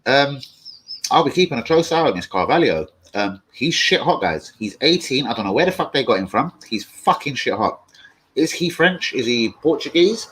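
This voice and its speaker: A young man chatting casually and excitably on a live stream, swearing freely as he reads chat. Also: medium pitch, normal speed, slightly rough, low-quality recording. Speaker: fan channel live streamer.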